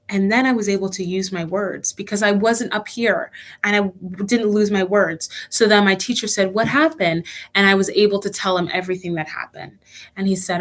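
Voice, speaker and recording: A woman's voice: mid-range voice, a bit bright. A young woman leading a children's church lesson online, telling a personal story earnestly with frequent restarts.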